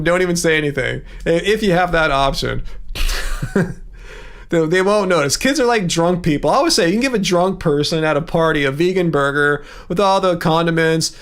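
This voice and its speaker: A man hosting a casual livestream. He rambles, chuckles often and drops animated asides. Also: fairly high pitch. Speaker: livestream host.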